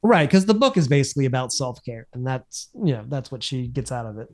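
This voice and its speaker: A man's voice: medium pitch, very animated, a little fast, a little mellow. A man co-hosting a podcast, chatting in a laid-back, opinionated way and often repeating his words. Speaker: podcast co-host. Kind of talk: casual recap chat.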